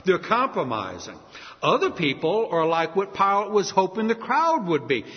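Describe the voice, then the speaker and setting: A man preaching a sermon with emphatic, dramatic delivery and slow, stressed repetitions. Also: high voice, huge pitch swings. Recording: reverberant hall, dull lo-fi sound.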